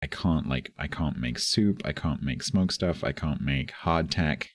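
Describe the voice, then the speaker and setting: A man's voice: very deep voice, measured pace. A man streaming a game live, chatting casually and chuckling as he thinks aloud. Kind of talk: casual live gameplay commentary.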